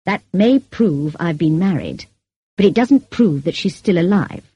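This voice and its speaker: A stern, brooding gentleman of middle age speaks in short, commanding lines with a bitter edge, as a woman reading an audiobook voices him. The voice is low, mellow and slightly husky, and sits close and dry with no room around it. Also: lively intonation, unhurried, highs cut off, heavily acted. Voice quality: deep, growling. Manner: curt and bitter.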